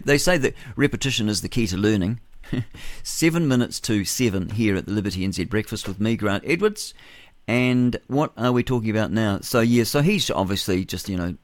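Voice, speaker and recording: A man's voice: fairly low pitch, lively intonation, a little fast, dry recording. A man with a New Zealand accent hosting a breakfast talk radio show, delivering a rambling, forthright monologue with chuckles and self-corrections into a studio microphone. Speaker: radio host.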